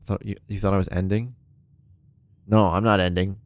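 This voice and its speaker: A man's voice: sits low, little pitch movement, moderate pace, dry recording. A man livestreaming a puzzle game, chatting casually and rambling with lots of ums and frequent laughs. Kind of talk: casual live-stream chat.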